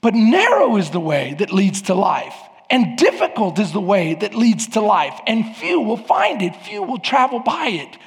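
A man preaching a sermon as pastor of a church, with emphatic rises and sudden shouts. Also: high voice, huge pitch swings, moderate pace, hardly any pauses, long reverb tail, faint music behind. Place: church sanctuary.

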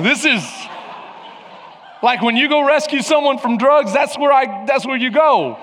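High, bright-voiced joking pastor in hall. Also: male voice, normal speed. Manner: animated, joking, acts out family voices. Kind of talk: humorous sermon storytelling. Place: large church sanctuary. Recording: reverberant church hall.

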